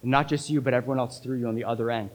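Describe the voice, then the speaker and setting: A male pastor preaching a sermon with emphasis, repeating key phrases and swinging between loud and hushed delivery. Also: medium pitch, fairly even intonation, very fast, poor audio.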